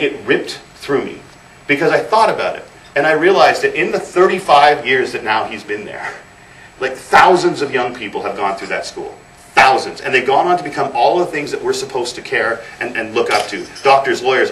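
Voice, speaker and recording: A man's voice: medium pitch, fairly bright tone. A man in his thirties giving a motivational speech as guest speaker, telling stories with emphatic repetition. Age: 30s. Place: event hall. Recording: roomy, distant mic, faint noise.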